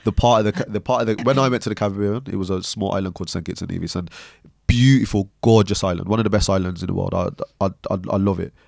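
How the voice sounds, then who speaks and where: A young man from Birmingham, a podcast guest telling a personal story in an animated way that often checks in with the listener. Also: low-pitched, fast talker, creaky, no room sound, studio quality. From Birmingham, England. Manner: animated storyteller, often tags lines with "right?".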